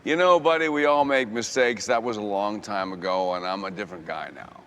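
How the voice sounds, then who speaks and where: A man doing an impression of a famous male actor, calm, humble and earnest, in a comedy sketch. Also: on the low side, a little fast, long reverb tail, slight background noise.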